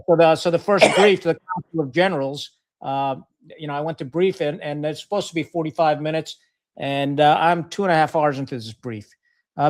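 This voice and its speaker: Candid storytelling man, slightly high voice. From Pakistan. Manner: frank, profane, many fillers and restarts. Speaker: podcast guest, retired Marine officer. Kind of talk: casual storytelling interview.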